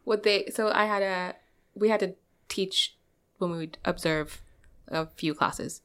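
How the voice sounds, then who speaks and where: A woman's voice: on the low side, measured pace, a bit bright, smooth. A woman in her twenties telling stories in a casual podcast chat, rambling and laughing often. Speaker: podcast co-host.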